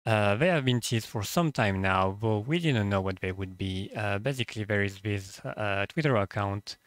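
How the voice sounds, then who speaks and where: Young French-accented male host, low dry voice, halting and blunt, casual commentary on a cheap mic. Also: no echo. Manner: hesitant, many "uh" fillers, blunt and profane. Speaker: channel host, translator. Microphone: cheap microphone.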